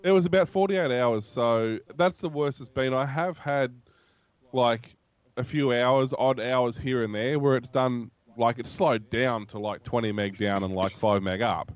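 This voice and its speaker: A man's voice: mid-range voice, measured pace, no echo. Male co-host, easygoing explainer, dry lo-fi mic. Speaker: podcast co-host. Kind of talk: casual chat.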